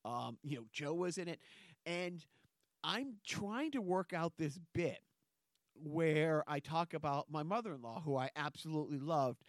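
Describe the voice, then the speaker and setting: A man's voice: a little high, animated, measured pace, no room sound, studio quality. A man hosting a casual podcast chat, rambling and joking as he goes. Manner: rambling, joking, chuckles between thoughts. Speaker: podcast host.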